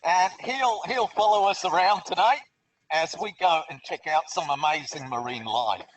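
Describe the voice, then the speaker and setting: A man's voice: fairly high pitch, moderate pace. A man with an Australian accent, presenting a live educational webinar from underwater in an aquarium, speaking through a full face mask microphone in a cheerful, chatty way. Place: underwater in a large aquarium tank. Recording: distant, muffled underwater mask mic.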